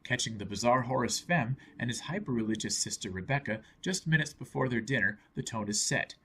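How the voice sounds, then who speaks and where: Husky man reading a film review. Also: mid-range voice, lively intonation, a little fast, a bit bright. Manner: earnest, explanatory. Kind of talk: scripted review narration.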